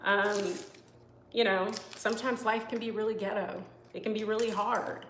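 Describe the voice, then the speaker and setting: A woman's voice: mid-range voice, steady tone, moderate pace, a bit bright, roomy sound, slight background noise, rough recording. A woman chef chatting casually with live viewers while she cooks, rambling with lots of "you know" and "like" and answering comments as they come. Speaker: professional chef and live-stream host. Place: home kitchen.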